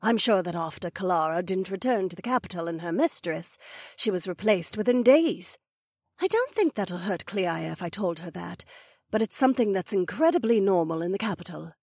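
A proud she-wolf duchess, voiced by a woman, speaks in a husky, measured way. Her tone stays grave and knowing while her pitch moves in lively swings. The sound is dry and close, as in an audiobook dialogue reading. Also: no echo. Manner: measured, serious explaining.

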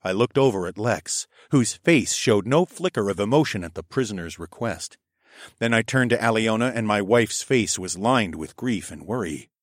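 Low-voiced man narrating a fantasy audiobook. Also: no echo, clean studio sound. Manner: measured, steady storytelling.

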